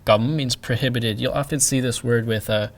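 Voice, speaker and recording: A man teaching a pronunciation lesson, explaining each sound deliberately and repeating sample words for the learner to hear. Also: medium pitch, steady tone. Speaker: language teacher.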